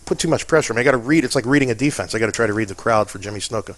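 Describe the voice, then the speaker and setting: A man's voice: lowish voice, rapid-fire, fairly bright tone, dry recording. A man from Pennsylvania telling stories in a casual interview, chatty and self-deprecating. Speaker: interview guest.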